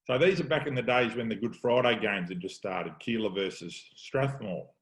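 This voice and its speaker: A middle-aged man with an Australian accent spins coaching yarns in a relaxed, chatty way. He slips into the voices of the people he quotes and keeps the talk rolling as host. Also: on the low side, moderate pace, rough recording. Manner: yarn-spinning, acts out quoted lines. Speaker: podcast host, football coach. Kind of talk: casual storytelling chat.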